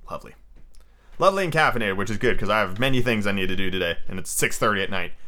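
A man's voice: fairly low pitch, expressive, fast talker, bright, forceful tone. Irreverent man reading aloud. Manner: irreverent, profane asides. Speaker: podcast host reading a book aloud. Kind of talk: casual podcast reading and commentary.

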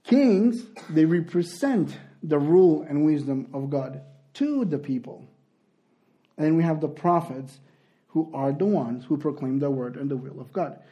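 A man's voice: fairly high pitch, animated, measured pace, dull audio. A man preaching and teaching a sermon, explaining at length with frequent restarts.

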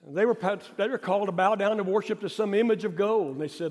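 High-voiced male pastor preaching. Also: fast talker, in a large hall. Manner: emphatic and repetitive, rising to stress points, then dropping quiet. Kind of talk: sermon.

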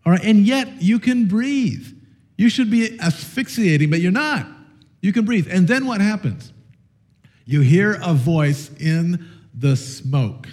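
A man preaches to his congregation in a relaxed, conversational way, full of fillers and restarts as he builds a story. His slightly high voice swings up and down with lively intonation, and he takes his time. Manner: animated, storytelling with audience participation. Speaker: pastor. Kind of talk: sermon.

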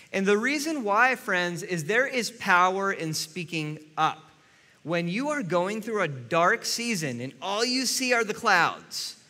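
Male pastor, earnest sermon, bright tense tone, long hall reverb. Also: high-pitched. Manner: earnest, addresses listeners directly.

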